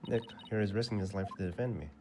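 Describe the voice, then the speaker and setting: A man's voice: fairly low pitch, quick pace, background noise, lightly acted. Worried young spirit medium girl, read by a man. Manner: reads game text in a flat voice. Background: game music.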